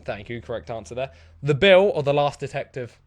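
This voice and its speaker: Young male podcast co-host; casual, rambling anecdotes, quick-fire quiz questions. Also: mid-range voice, lively intonation. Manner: rambling storyteller, acts out quoted lines.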